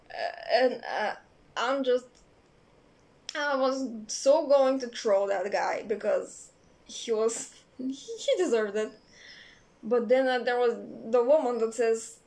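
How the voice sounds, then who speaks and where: A young woman telling a personal story in a casual, rambling way, swearing freely and filling pauses with "uh" and "like". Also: a little high, darkish tone. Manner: rambling, profane, many fillers. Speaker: vlogger.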